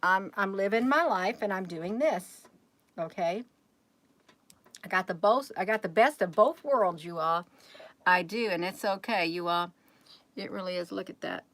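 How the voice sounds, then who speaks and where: A woman's voice: mid-range voice, measured pace, pauses often, a bit bright, no room sound. A woman hosting a casual livestream, rambling and chatty as she keeps talking straight to her viewers.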